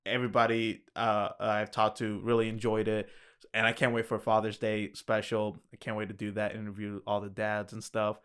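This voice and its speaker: A man's voice: lowish voice, monotone, normal speed, fairly bright tone, smooth. Man hosting a casual podcast chat. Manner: friendly, filler-heavy, hesitant. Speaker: podcast host.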